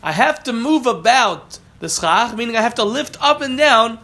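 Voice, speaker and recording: A man's voice: very high voice, normal speed, sharp tone. A man teaching a Talmud class, reading Aramaic phrases and then explaining them plainly, often catching and correcting himself.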